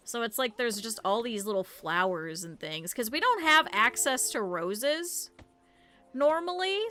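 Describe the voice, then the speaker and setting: A woman's voice: medium pitch, bright, forceful tone. A woman streamer chatting casually to her viewers while playing, rambling into stories. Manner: chatty rambling storyteller, talks to chat. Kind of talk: casual game stream chat.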